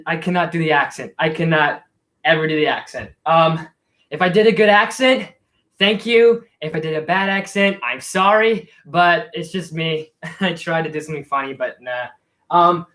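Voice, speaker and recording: A man's voice: on the high side, a bit bright. Rambling man hosting a live stream. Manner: rambling and self-deprecating, with frequent restarts. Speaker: YouTube host.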